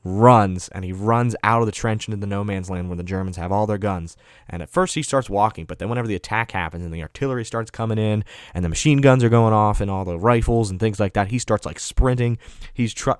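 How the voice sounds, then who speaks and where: A man giving a casual, rambling film review, full of fillers and quick self-corrections. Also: lowish voice, no echo, studio quality.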